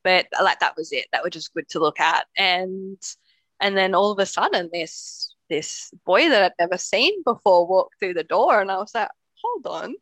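A young woman co-hosts a podcast and tells personal stories in a candid, chatty way, swearing freely and laughing as she goes. Her voice is bright and forward, at a middle pitch. The sound is close and dry. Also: expressive, normal speed, dry recording. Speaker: podcast co-host. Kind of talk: casual storytelling chat.

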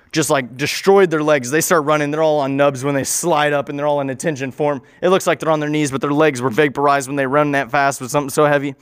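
A man's voice: on the high side, fairly bright tone, no echo, studio quality. A man telling an improvised story in a rambling way, often correcting himself and adding joking asides.

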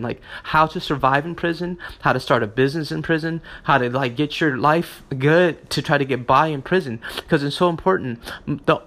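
A man's voice: a little high, fairly bright tone. An American man delivering an impassioned, profane monologue to his listeners, heated and full of restarts. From United States. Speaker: vlogger.

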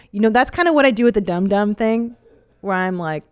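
A woman's voice: medium pitch, moderate pace, darkish tone, no room sound, clean studio sound. A woman in her forties hosting a podcast in casual chat, frank and chatty and often laughing. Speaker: podcast host.

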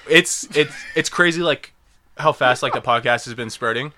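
A young man hosting a casual podcast among friends, talking loosely and swearing freely. His voice is bright and clear, at an ordinary pitch. He laughs often as he talks. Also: moderate pace. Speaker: podcast host.

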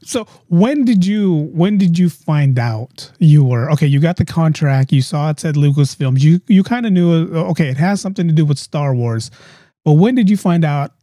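A man's voice: fairly high pitch, mellow, dry recording, clean studio sound. A man hosting a live podcast interview over a video call, upbeat and chatty, often repeating himself. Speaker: podcast host.

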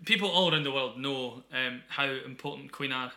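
A man's voice: medium pitch, normal speed, bright, forceful tone, reverberant. A man co-hosting a podcast, chatting casually with playful teasing. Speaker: podcast co-host. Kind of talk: casual chat.

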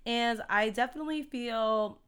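A woman co-hosting a casual chat, chatty and quick to laugh, who says she talks fast. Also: fairly high pitch, fairly bright tone, smooth. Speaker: co-host.

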